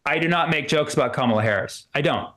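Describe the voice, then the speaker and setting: Onstage at a comedy club, a man with a fairly high, somewhat bright voice gives a rambling routine. Fillers abound, and he briefly adopts voices for the people in his stories.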